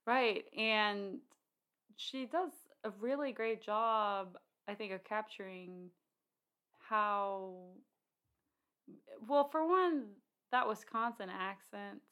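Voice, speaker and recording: A woman's voice: medium pitch, lively intonation, slow pace, fairly bright tone. A woman co-hosting a casual film discussion, chatty, with many fillers and restarts.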